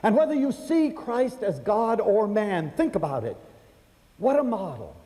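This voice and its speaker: An older man from the United States telling personal stories to an audience, chatty and animated, acting out the voices of the people in them. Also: sits high, unhurried. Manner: animated, acts out quoted voices, chatty fillers. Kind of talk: storytelling lecture to an audience. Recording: hall reverb.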